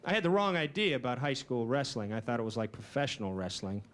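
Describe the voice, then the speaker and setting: A man doing a stand-up comedy routine with a dry, deadpan, self-deprecating delivery. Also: medium pitch, fast, some chatter behind. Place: comedy stage before a live audience. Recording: noisy early 1990s VHS recording.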